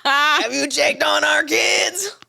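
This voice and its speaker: A woman voicing Harold, a crude, loud middle-aged husband who yells at his wife. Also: sits high, fairly even intonation, slow, vocal fry, no echo, full character voice. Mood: blustering. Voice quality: shouty, crude.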